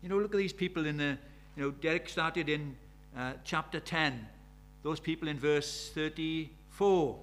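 An older man preaching a sermon, earnest, swinging between quiet reflection and emphatic, pleading passages. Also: high voice. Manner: earnest, swinging between soft and emphatic, acts out quoted prayers.

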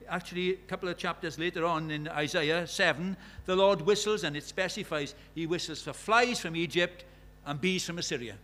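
A man's voice: on the high side, brisk, few pauses, bright, forceful tone. A man preaching a sermon in a conversational way, asking the congregation many questions and reciting scripture with rising force.

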